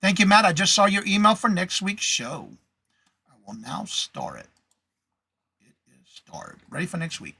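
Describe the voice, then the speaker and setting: A man's voice: high voice, huge pitch swings, normal speed, creaky, long pauses, sharp tone, breathy edge. A man hosting a casual live reseller show, chatting, reading viewer comments aloud and greeting viewers by name. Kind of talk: casual live-stream chat.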